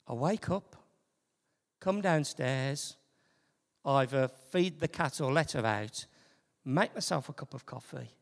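Gravelly, lively man preaching in a hall. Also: medium pitch. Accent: Birmingham. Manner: animated, swings from loud to soft near-whisper. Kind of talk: sermon. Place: church hall. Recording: reverberant hall.

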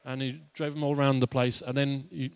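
A man delivers a sermon in a relaxed, conversational way, full of asides and humor. His voice sits in a middle register. The recording is close and dry, with little room sound. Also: mid-range voice, a little fast, smooth, no echo. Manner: conversational and playful, with laughs and asides. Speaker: pastor.

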